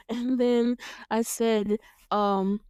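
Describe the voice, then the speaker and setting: Young woman podcast host, lively recap chat, smooth and clear, dry close sound; playful and laughing. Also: a little high, very slow, no room sound. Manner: animated, laughing, acts out lines in playful voices.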